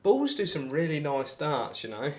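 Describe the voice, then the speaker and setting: A man's voice: on the high side, very animated, normal speed, darkish tone. A young man chatting casually on a live stream while he throws darts, rambling, poking fun at himself and answering viewers. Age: young adult. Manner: rambling, self-deprecating, reads out and answers chat. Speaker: darts livestreamer.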